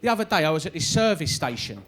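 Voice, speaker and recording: A man in his forties with a London Cockney accent doing a stand-up set on a club stage, his voice pitched high. He talks in a punchy, chatty way and keeps tagging his lines with "right?". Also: big pitch swings, fast talker, a bit bright. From East London, England. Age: 40s. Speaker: stand-up comedian.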